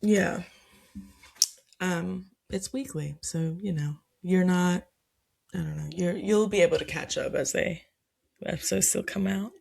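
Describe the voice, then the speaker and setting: A woman's voice: fairly low pitch, unhurried, creaky, long pauses, a little mellow, husky. A woman co-hosting a casual podcast chat, laughing often and talking with plenty of fillers. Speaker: podcast co-host.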